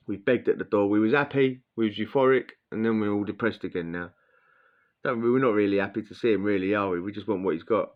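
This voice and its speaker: A man's voice: fairly low pitch, quick pace. A man telling a blunt, crude prison story in casual slang, acting out what people said. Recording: dull lo-fi sound.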